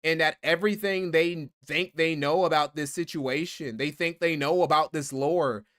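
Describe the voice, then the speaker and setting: A man's voice: fairly high pitch, moderate pace, fairly bright tone. A man hosting a livestream, reading donations aloud and ranting in a profane, exasperated way. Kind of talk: casual livestream commentary.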